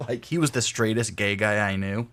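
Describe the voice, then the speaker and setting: A man's voice: lowish voice, normal speed, a bit bright. A young adult man chatting casually on a game stream, rambling through stories and laughing often. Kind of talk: casual gameplay stream chat.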